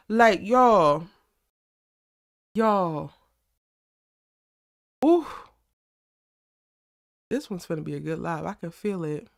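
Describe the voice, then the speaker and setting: Animated woman hosting a live chat. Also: on the high side, dry recording, clean studio sound. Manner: animated, slangy, talks straight to her chat. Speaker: YouTube live aftershow host. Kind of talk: casual live-stream chat.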